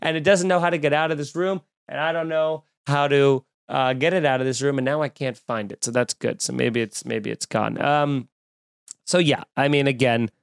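A man hosting a podcast, going on an animated, exasperated comedic rant full of cursing. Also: mid-range voice, moderate pace, gravelly, clean tone, dry recording, clean studio sound. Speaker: podcast host. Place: room at home with windows open.

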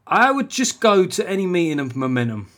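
A man's voice: sits high, sing-song, a little fast, fairly bright tone. A middle-aged English man, a comedian hosting his podcast in a casual, rambling, sardonic monologue with plenty of swearing. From England.

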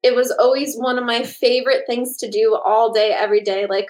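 A woman in her late twenties speaks in an interview in a fairly high voice. She is earnest and enthusiastic, often restarting her sentences and laughing easily. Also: flat delivery, a little fast, a little mellow, rough recording. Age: late 20s. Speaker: comic artist and teacher. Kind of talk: podcast interview.

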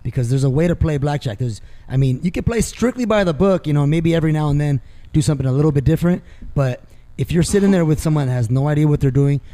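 A man's voice: a little high, mellow. A man co-hosting a casual podcast who talks bluntly, swears, and teases his friends. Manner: blunt, profane, quick to tease. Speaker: podcast co-host.

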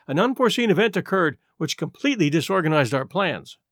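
A man reading as a grave, steadfast archaeologist with a gray beard, formal and unhurried in an audiobook. The voice sits somewhat high for a man and moves with lively inflection. The sound is close and dry. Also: no room sound.

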